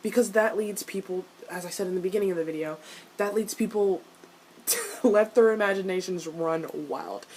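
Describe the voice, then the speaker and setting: Brief: excitable woman reviewer, casual and profane, mid-pitched, noisy home recording. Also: moderate pace. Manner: excitable, swears often, shifts into exasperated rants. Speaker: video reviewer. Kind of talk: casual TV episode reaction.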